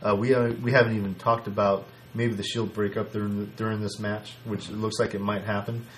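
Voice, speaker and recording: A man co-hosting a casual podcast, talking in an animated way with lots of restarts and laughter. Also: on the low side, a little fast, a little hiss or hum. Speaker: podcast co-host. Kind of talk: casual wrestling podcast chat.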